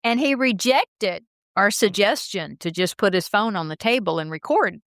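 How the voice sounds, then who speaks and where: A woman co-hosts a podcast, chatty and lively, moving easily from one anecdote to the next. Her voice is at a medium pitch, and the sound is dry and close to the mic, with no reverb. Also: moderate pace. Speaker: podcast co-host. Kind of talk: casual podcast chat.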